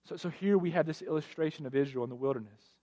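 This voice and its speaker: This male pastor talks fast as he preaches a sermon, emphatic throughout. His pitch and loudness rise in sweeping waves, and he repeats phrases for effect.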